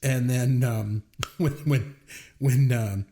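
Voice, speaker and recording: A man's voice: mid-range voice, slow pace. A man co-hosting a podcast, chatting casually about a movie and acting out its scenes with frequent laughter. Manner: animated storyteller, acts out movie lines and laughs often. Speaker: podcast co-host. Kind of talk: casual movie review chat.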